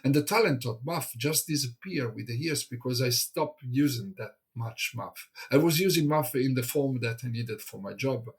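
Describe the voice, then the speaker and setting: A man from Italy, an English speaker, chats as a guest in a hesitant, halting way, full of fillers and restarts. His voice is husky and a little breathy. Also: mid-range voice. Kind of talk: casual conversation.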